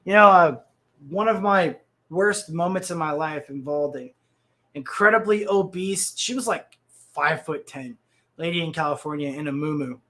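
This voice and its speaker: Bright, high-pitched and pushed, this man's voice belongs to a livestream host in his thirties. He rambles profanely about the news while reading the chat.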